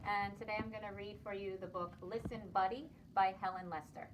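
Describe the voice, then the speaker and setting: A woman preschool teacher reading a picture book aloud to children, expressive and lively. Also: mid-range voice, a little fast, distant mic, noisy background.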